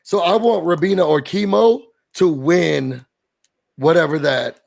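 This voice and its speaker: Gravelly, husky man chatting animatedly. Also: on the high side, unhurried. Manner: animated, acts out quotes of others. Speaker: podcast host. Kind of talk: casual chat.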